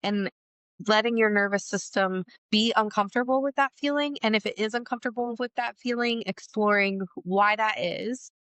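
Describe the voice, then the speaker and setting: Brief: woman co-host, mid-pitched, earnest and reflective, dry close recording. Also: normal speed, a bit bright, smooth, no echo. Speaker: podcast co-host. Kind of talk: casual chat.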